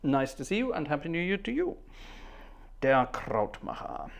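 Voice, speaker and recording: A fairly high-voiced man hosting a live organ concert stream, welcoming viewers by name in an easy, rambling way. His pitch leaps about expressively, and he hums little tunes to himself between greetings. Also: very animated, moderate pace, creaky. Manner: chatty, humming and trailing off between greetings. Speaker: livestream organ concert host. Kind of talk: casual livestream chat greeting viewers. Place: at the organ console.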